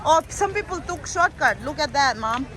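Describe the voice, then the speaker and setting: A woman with a Mizo accent, filming a casual vlog outdoors at a fireworks show and exclaiming loudly. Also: high-pitched, normal speed. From Mizoram, India. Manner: excited exclamations, mixing English with another language. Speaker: vlogger. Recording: loud crowd and music outdoors.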